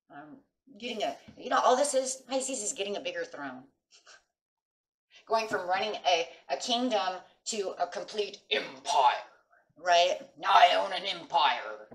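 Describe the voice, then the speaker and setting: Speaking to her viewers in a lowish, slightly bright voice, a middle-aged tarot reader keeps things chatty and emphatic, often tossing in "right?". The recording is distant, off-mic, and echoey.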